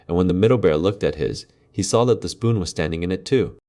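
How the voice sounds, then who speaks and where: Deep-voiced man reading a fairy tale. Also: fast, few pauses, dark tone. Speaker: storyteller.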